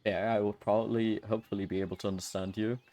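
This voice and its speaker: A man's voice: lowish voice, flat delivery, fast talker, mellow. A young man, streaming a game and chatting loosely with his viewers, rambling and swearing as he goes. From Germany. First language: German. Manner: rambling, loose, swears and laughs, talks to chat. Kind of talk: casual live-stream chat while playing.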